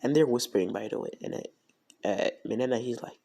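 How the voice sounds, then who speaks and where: Rambling, gravelly-voiced guy telling a fan story. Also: medium pitch, a little fast, dark tone. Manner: rambling, heavy with fillers and slang. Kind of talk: casual improvised retelling of a fan story.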